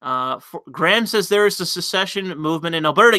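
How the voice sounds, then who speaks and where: A man hosting a casual livestream, reading the chat aloud and answering in a blunt, offhand way. His voice is bright and smooth, a little higher than most men's. The recording is close and dry, with no room sound. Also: expressive, fast, no room sound. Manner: blunt, reads chat messages aloud, frequent fillers and restarts.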